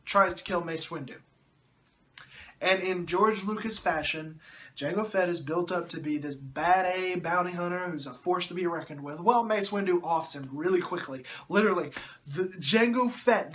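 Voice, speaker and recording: A man's voice: high-pitched, fairly bright tone. A man reviewing a movie in a sarcastic, exasperated way, often groaning and mocking the dialogue.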